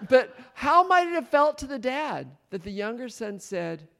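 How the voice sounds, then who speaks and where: A man's voice: very high-pitched, big pitch swings, normal speed, creaky, fairly bright tone. A man leading a Bible study, retelling a story and questioning his listeners, laughing often. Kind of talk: interactive Bible teaching.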